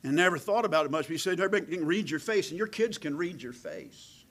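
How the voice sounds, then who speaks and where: A middle-aged man preaching a sermon, calling for amens and moving between loud emphatic delivery and a hushed near-whisper. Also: fairly high pitch, lively intonation, fast, low-quality recording. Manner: calls out "amen" to the congregation. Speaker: pastor.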